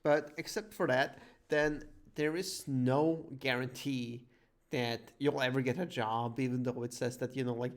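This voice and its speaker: A man's voice: mid-range voice, fairly even intonation, unhurried. Man ranting emphatically. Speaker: podcast host. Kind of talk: casual chat.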